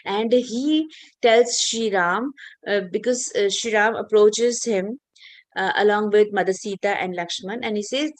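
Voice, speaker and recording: A woman's voice: medium pitch, a little slow. A woman teacher telling a story in an online class, chatty with many fillers and questions to listeners.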